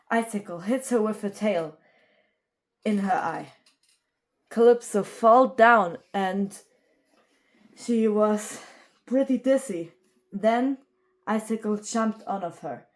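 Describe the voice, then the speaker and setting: A woman tells a homemade dragon story at a very slow, halting pace, pausing and filling gaps as she goes. Her pitch sits in the middle of the usual range. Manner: halting, with pauses and fillers. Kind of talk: homemade fan story narration.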